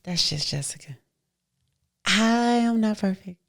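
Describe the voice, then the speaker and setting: A woman podcast host with a mid-range voice gives a casual motivational monologue. She is animated and playful, laughing often and moving from loud bursts to hushed asides. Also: medium pitch, a little slow, creaky. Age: adult mother.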